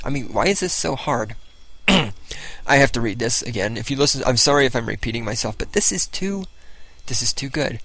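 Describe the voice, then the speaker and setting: A man with a gravelly, creaky voice delivers sarcastic political commentary. He rants and mocks, reading quotes aloud with open scorn. His pitch sits in an ordinary middle range. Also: expressive, moderate pace, fairly bright tone, no echo, low-quality recording. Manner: mocking, ranting, reads quotes aloud with scorn. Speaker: host of a political commentary show.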